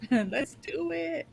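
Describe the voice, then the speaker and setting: A woman playing in a tabletop game, soft-spoken and giggly. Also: sits high, vocal fry. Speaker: player. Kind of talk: casual tabletop play.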